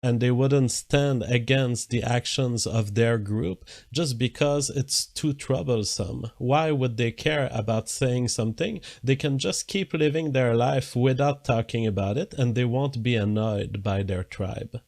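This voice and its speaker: A man hosting a live-stream talk show. He talks in a measured, deliberate way and reads viewer comments aloud. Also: medium pitch, creaky, a little mellow. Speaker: host.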